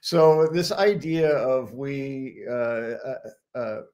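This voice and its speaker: A man's voice: medium pitch, extremely slow, a little mellow. A man telling stories and sharing his thoughts in a casual live chat, laughing often. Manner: reflective storyteller, laughs often.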